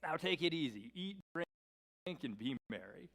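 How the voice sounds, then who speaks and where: A man voicing a boastful rich farmer who talks to himself excitedly and calls himself his friend. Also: a little high, measured pace, gravelly, heavily acted. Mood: smug. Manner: excited, self-satisfied.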